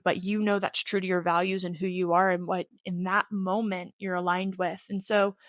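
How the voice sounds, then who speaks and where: A woman in her thirties chats openly and earnestly to her camera, now and then wandering off on a tangent and poking fun at herself. Her voice sits at an ordinary middle pitch, and the recording is close and dry, with no room sound around it. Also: no room sound. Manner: earnest and openly personal, wanders into tangents with light self-deprecating humor. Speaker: athlete sharing reflections on her channel. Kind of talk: casual reflective talk to camera.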